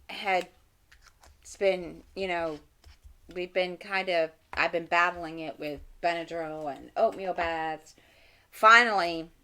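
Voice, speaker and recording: Woman, middle-aged, lowish voice, rambling casual chat, mutters to herself, desk mic at home. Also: fairly bright tone. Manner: rambling, talks to herself while working. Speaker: channel host. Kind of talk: casual chat while crafting. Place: home craft room.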